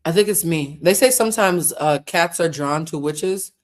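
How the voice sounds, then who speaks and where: Brief: thirties woman, streamer host, chatty storyteller, low voice with lively swings. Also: normal speed. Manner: chatty, laughs often, swears casually. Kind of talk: casual livestream chat.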